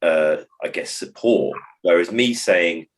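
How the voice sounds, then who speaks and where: Speaking slowly in a low voice, a man who works as a behaviour support trainer muses and digresses during a podcast conversation. Along the way he acts out various phrases.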